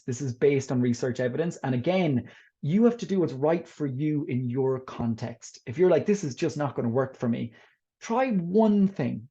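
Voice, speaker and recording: Heard through dull audio, a man with a medium-pitched, mellow voice presents a teaching workshop online. His webinar talk and Q&A are positive and encouraging, guiding teachers through practical tips as they ask questions.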